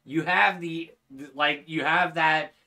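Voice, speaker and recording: A man streaming a game, bantering loudly and swearing freely with his friends. His voice sits high and sounds bright and forceful. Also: fairly even intonation, takes it slowly. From Canada. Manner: profane, boisterous banter. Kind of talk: casual gaming chat.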